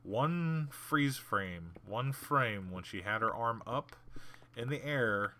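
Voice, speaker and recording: A man's voice: mid-range voice, slow. A man hosting a gaming channel, telling a story casually while he plays, acting out the people in it with blunt sarcasm. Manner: animated, acts out the people in his story.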